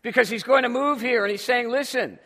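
A man's voice: very high voice, brisk, sharp tone. A man preaching a sermon with emphasis, drawing responses from his congregation. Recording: long hall reverb.

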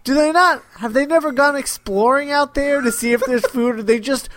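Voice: high voice, normal speed, a bit bright, a little hiss or hum. A co-host of a casual podcast, making wry, joking remarks.

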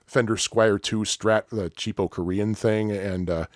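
A man's voice: on the low side, measured pace, no echo. Chatty male storyteller, mid-range voice, dry close recording. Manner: rambling and animated, with frequent laughs and acted-out quotes. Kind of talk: casual storytelling chat.

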